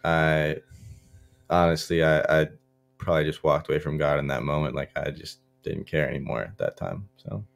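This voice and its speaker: A young college football player from Florida tells stories in a loose interview chat, his talk packed with "like," fillers, and restarts. His voice is extremely low and gravelly, at normal speed, with soft music in the background.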